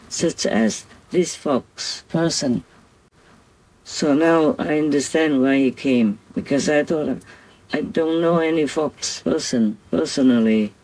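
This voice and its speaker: A man speaking as a spiritual teacher in a slow, tender and affectionate way. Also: mid-range voice, dark tone, low-quality recording. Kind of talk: spiritual talk to followers.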